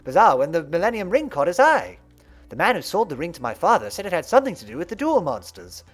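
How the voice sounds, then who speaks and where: A man reading the lines of a gentle, polite teenage boy in a soft-spoken, reflective way. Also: sits high, sing-song, quick pace, slightly rough, soft background music, heavily acted. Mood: calm.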